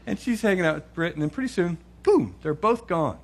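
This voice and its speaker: A middle-aged man telling a funny family story in an animated, chuckling way. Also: high voice, brisk, creaky, a faint crowd. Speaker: speaker. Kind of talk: humorous storytelling talk.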